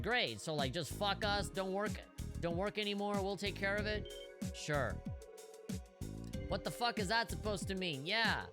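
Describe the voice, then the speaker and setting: A woman's voice: mid-range voice, animated, a little slow. A woman streamer doing casual, profane, joking commentary while playing a game. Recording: loud game music behind.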